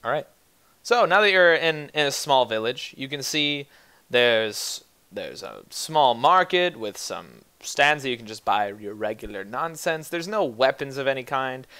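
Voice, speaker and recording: Young male game master, casual and profane, animated. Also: medium pitch, a little slow, clean tone. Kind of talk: narrating a tabletop game.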